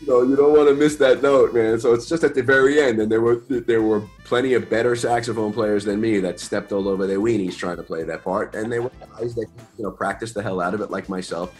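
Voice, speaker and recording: A man in his fifties from New York, telling stories as a guest in a casual interview, relaxed and chatty with slang and mild swearing. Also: fairly low pitch, a little fast, hardly any pauses, faint music behind. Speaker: guest musician.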